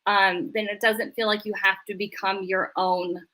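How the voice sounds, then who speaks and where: A woman's voice: mid-range voice, flat delivery, moderate pace, sharp tone. A middle-aged woman, a family therapist, chatting animatedly in an interview and acting out voices when she quotes people. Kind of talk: casual interview chat.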